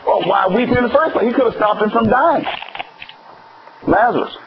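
A man preaching a sermon, asking the congregation questions and swinging between high exclamations and low emphatic words. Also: normal speed, creaky, crowd noise. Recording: dull lo-fi recording with faint noise.

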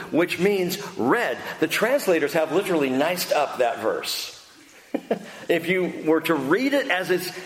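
Animated, joking preacher in an echoey hall. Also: male voice, sits high. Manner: animated, humorous, emphatic. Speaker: pastor. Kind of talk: sermon. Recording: echoey hall with faint noise.

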